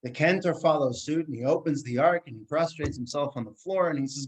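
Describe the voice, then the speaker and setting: A man teaching a Torah class as a rabbi, telling stories in an animated way that swings between quiet and emphatic. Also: on the high side, fairly quick, hardly any pauses, husky, low-quality recording. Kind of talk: Torah class lecture with storytelling.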